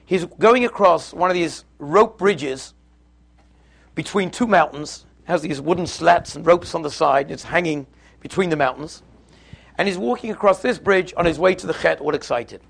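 A man with a somewhat high, gravelly voice teaches a Torah lesson. He talks in a relaxed, conversational way and walks through stories and texts step by step. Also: normal speed. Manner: conversational storytelling, explains step by step.

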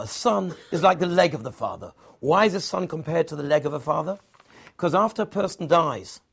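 Gravelly-voiced man giving a sermon. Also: fairly high pitch. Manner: weaves Hebrew and Yiddish terms into English teaching. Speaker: rabbi giving a Torah talk.

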